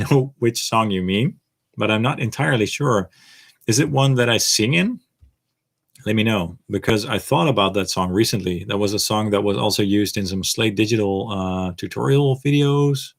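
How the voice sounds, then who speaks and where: Brief: laid-back male streamer with a lowish voice, reading out chat questions and rambling through his answers. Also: moderate pace, gravelly. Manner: relaxed, rambling, reads viewer questions aloud. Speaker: host of a live Q&A stream. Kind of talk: casual livestream Q&A.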